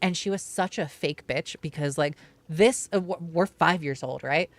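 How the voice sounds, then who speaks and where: A man's voice: fairly high pitch, normal speed, no echo. A man telling personal stories on a livestream in casual, rambling talk, swearing and filling his lines with fillers. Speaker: livestream storyteller. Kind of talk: casual storytime chat.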